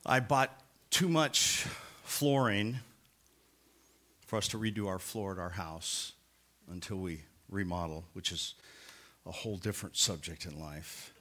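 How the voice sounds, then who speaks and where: A man, a pastor, telling a funny anecdote during a sermon and laughing at himself as he goes. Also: sits low. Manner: animated, self-mocking storyteller who laughs at himself.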